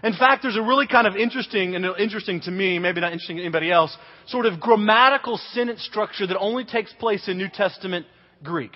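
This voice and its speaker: A man's voice: high voice, fast talker. A man preaching a sermon, telling a childhood story with acted-out voices before teaching on faith. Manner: animated storyteller, acts out quotes. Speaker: pastor. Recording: dull reverberant hall recording.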